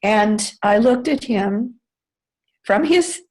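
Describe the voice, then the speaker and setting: A woman's voice: on the high side, animated, takes it slowly, a little mellow, low-quality recording. An older woman from the United States, telling a long story in an interview, with many fillers and self-corrections. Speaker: interview guest, former White House staffer. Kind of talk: conversational storytelling.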